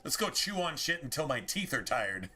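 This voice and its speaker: A man's voice: medium pitch, very animated, normal speed, bright, forceful tone, heavily acted. A man voicing a lazy, sleepy male war dog from a game who grumbles about naps and snacks. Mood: lazy grumbling.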